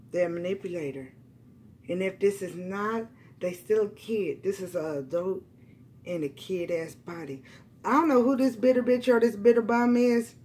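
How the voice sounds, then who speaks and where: A woman reading tarot cards for her viewers, blunt and profane, repeating lines for emphasis and swinging between loud outbursts and quiet, emotional asides. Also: medium pitch, slight background noise. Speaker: tarot reader.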